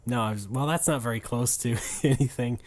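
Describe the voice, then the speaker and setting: A man's voice: medium pitch, fairly quick, no room sound. A man co-hosting a podcast in casual, wry, understated chat. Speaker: podcast co-host.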